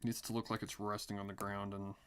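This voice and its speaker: A man's voice: on the low side, little pitch movement, fast talker, a bit bright, smooth. A man thinking aloud as he draws on a live art stream, muttering to himself, often dropping to a whisper, with dry sarcastic asides. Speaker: artist streaming a drawing session. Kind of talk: thinking aloud while drawing.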